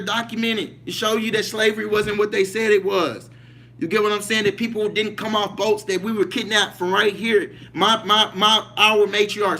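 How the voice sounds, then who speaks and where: High, bright-voiced man streaming live. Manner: emphatic, repetitive, keeps asking listeners if they follow. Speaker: livestream host. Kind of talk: casual livestream monologue.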